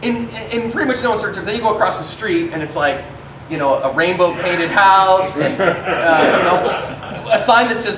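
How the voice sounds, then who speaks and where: A man's voice: high voice, moderate pace. A man in his forties teaching a self-defense class, talking in a conversational, storytelling way to a live group. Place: church meeting room. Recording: echoey room, distant mic, faint noise.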